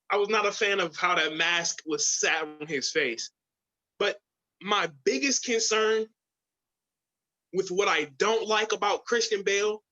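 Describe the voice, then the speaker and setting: Opinionated man with a bright lo-fi sound. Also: sits high. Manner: animated, opinionated, mocks voices with gravelly whispers. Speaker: podcast co-host. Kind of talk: casual chat.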